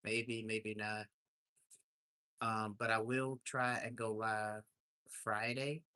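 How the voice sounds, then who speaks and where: A man's voice: on the low side, flat delivery, slow pace, pushed and bright, dry recording. A man hosting a casual livestream, telling a story in an indignant, ranting way. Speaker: livestream host. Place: home in Alaska.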